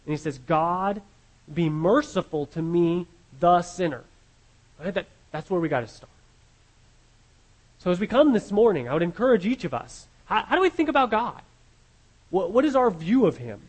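A man's voice: sits high, sing-song, brisk, pauses often, breathy edge, rough recording. A man preaching a sermon as pastor, earnest and often repeating words as he restarts his phrases.

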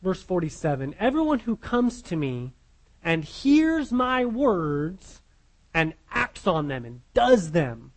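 A man's voice: high voice, big pitch swings, slow pace, rough recording. A man preaching a sermon, earnest, repeating his words and putting questions to his listeners.

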